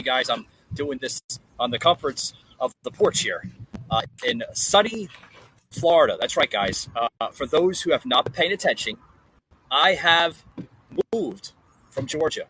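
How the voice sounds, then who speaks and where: A man's voice: medium pitch, pushed and bright, a little hiss or hum, poor audio. A man hosting a casual political chat podcast from an outdoor porch, talking in a rambling way with lots of fillers and restarts. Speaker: podcast host.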